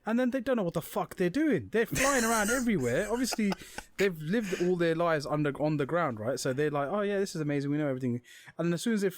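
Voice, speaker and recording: A man's voice: sits high, fast talker. A young man co-hosting a podcast, telling stories in casual, swearing chat and acting out what people said. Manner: swearing, animated storytelling with acted-out quotes. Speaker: podcast co-host.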